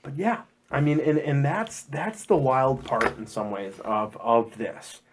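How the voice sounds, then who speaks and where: A man co-hosting a casual church podcast, jokey and animated, often slipping into comic voices. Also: mid-range voice, a little slow, background noise. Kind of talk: casual chat.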